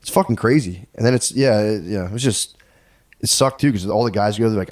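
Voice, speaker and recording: A man with a lowish voice talks quickly on a podcast. He rambles through a story in a loose, profane, casual way. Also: darkish tone. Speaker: podcast co-host. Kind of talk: casual chat.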